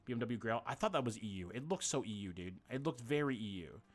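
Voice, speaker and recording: A man's voice: medium pitch, lively intonation, fast. A man streaming a game live, thinking aloud, swearing casually and greeting viewers by name. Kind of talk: casual live-stream chat while playing.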